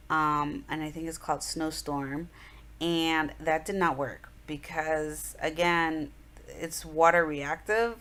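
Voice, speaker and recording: A woman's voice: sits low, a bit bright. A woman in her thirties, chatting through an art journal tutorial in a rambling, casual voice-over with many fillers.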